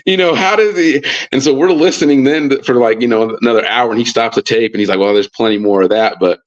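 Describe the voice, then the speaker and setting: Man, low voice, football coach, casual storytelling, rambling, lots of fillers, dull lo-fi stream sound. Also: fast talker. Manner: rambling with many fillers and restarts. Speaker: football coach, podcast guest. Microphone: live stream mic.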